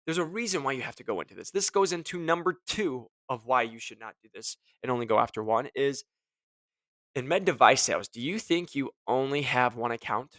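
Energetic man with a dry close sound. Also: medium pitch, fairly quick, no echo. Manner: energetic, jokey, acts out quoted voices. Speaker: host. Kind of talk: casual motivational talk to listeners.

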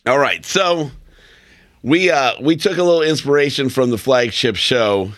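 Dude co-hosting a podcast, blunt and opinionated, plain middle voice, dry sound. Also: male voice, medium pitch, normal speed, a bit bright, dry recording. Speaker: podcast co-host. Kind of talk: casual podcast chat.

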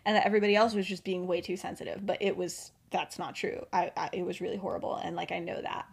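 A woman voicing a remorseful teenage schoolgirl witch who apologizes in a hesitant, halting way. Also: fairly low pitch, fairly even intonation, gravelly, breathy edge, voice pushed down.

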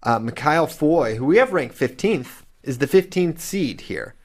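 A man's voice: on the high side, measured pace. Joking man talking wrestling picks. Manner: joking, animated, trails off into fillers. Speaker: wrestling podcast host. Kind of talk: casual sports chat.

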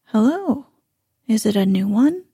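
A woman voicing a carefree, self-centered young boy who never grows up, in a soft, hushed bedtime-story reading. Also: fairly high pitch, sing-song, unhurried, husky, no room sound, studio quality, heavily acted.

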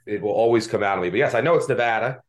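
Low-ish and rapid-fire, this man hosts a podcast about sports betting. He comes from Delaware County, Pennsylvania, speaks with its Philadelphia-area accent, and keeps things chatty and self-deprecating.

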